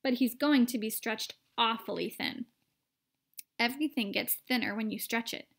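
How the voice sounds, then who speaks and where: A woman's voice: a little high, normal speed, gravelly. A woman voicing a cheerful, eccentric bearded candy maker with a breezy, offhand manner, in a storybook read-aloud.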